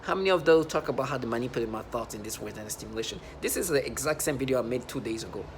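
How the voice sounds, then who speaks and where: A man delivering an agitated, repetitive monologue for a video, swinging between low muttering and loud outbursts. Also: lively intonation, racing, slight background noise. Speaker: vlogger.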